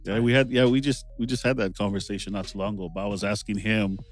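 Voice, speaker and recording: Low-voiced male host, rambling questions. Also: steady tone, quick pace, faint music behind. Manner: rambling questions full of "you know" and "like". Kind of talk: casual podcast chat.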